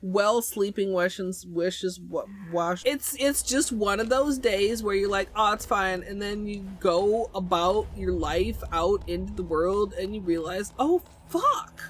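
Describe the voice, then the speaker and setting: A woman's voice: medium pitch, a little slow, few pauses, a little hiss or hum. A young adult woman livestreaming, chatting casually in a silly, crude way and laughing often. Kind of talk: casual stream chat.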